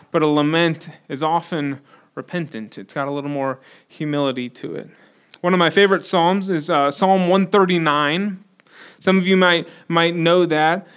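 Guy with a high voice giving a sermon, chatty, acts out the quotes. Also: smooth. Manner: conversational, animated, acts out quotes. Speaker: preacher.

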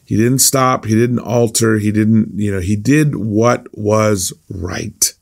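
A man's voice: fairly low pitch, takes it slowly, gravelly. A man giving a conversational sermon, reading scripture and explaining it in an earnest, informal way with frequent restarts. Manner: warm, earnest, many restarts and asides. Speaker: preacher.

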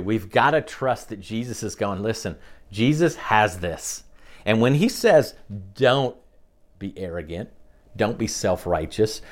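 A man preaching a sermon in a conversational way, often checking in with his listeners. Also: mid-range voice. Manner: conversational preaching, frequent "okay?" check-ins. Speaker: pastor.

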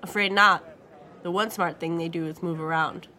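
A man's voice: on the high side, fairly even intonation, moderate pace, bright, forceful tone. A woman voicing an older jailed father with a thick Spanish accent who is fond and teasing and slips into Spanish. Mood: confident.

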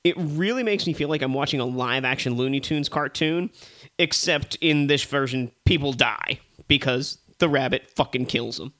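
A man co-hosting a casual movie review chat, ranting with animated, profane exasperation. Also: medium pitch, moderate pace.

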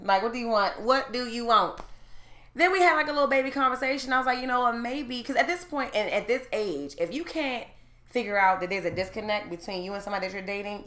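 A brash woman in her thirties, talking loud and cursing freely as she tells a story among friends. Her voice is bright and forceful, and the room around her is echoey. She goes from low and calm to near-shouting when she gets worked up. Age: 30s. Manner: loud, profane and animated, rising to shouts when heated. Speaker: storyteller in a group chat. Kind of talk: casual chat, telling a story.

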